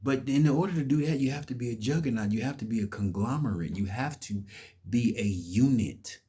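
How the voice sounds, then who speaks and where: A man's voice: mid-range voice, fairly quick, warm tone, slightly rough. A man giving an impassioned, preachy vlog monologue, emphatic and cursing. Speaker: vlogger.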